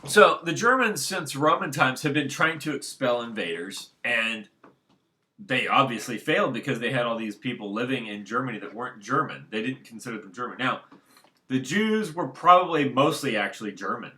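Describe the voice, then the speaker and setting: A man's voice: mid-range voice, lively intonation, normal speed, pushed and bright. A man talking alone at home in a casual, unscripted monologue, rambling and circling back to his points. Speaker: solo commentator.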